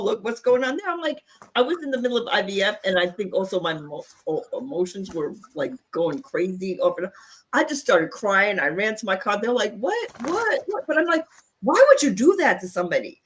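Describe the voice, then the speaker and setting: Middle-aged woman, podcast co-host; candid, animated storyteller, pitch jumps when she gets riled. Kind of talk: candid casual chat.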